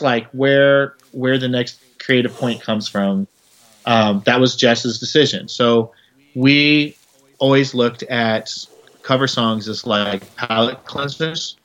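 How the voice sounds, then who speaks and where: A man's voice: fairly low pitch, muffled recording. A man, a musician guest in a casual interview, rambling through stories with lots of filler words.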